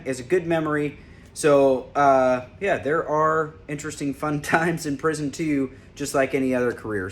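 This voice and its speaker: Man telling a funny work story. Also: on the high side. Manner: animated, laughs as he recalls. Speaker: former corrections officer. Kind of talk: casual personal storytelling to camera.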